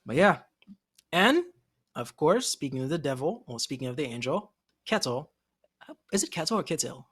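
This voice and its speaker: A man in a casual anime discussion, lively and quick to laugh. He jumps into the characters' voices as he retells scenes, then drops back into his easy chatting tone. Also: a little high, slightly rough. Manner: animated, laughs often, acts out characters' lines. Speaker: podcast co-host.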